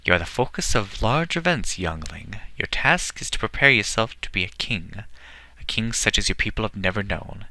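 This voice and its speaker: Imperious male elf archmage, put on by a narrator; low and bright-toned. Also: expressive, normal speed, dry recording. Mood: commanding. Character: stern proud elf mage, male, imperious.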